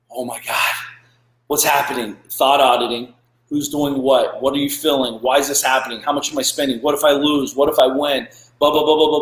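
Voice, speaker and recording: Male host, live business talk, blunt and salty, animated delivery, roomy echo. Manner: blunt, profane and animated, with frequent "blah, blah" and "boom". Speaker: podcast host.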